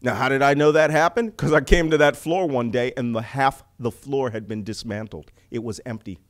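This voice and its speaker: A middle-aged man from the United States giving an animated public talk on intelligence, full of rhetorical questions and jokes. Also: medium pitch, moderate pace. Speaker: speaker on intelligence.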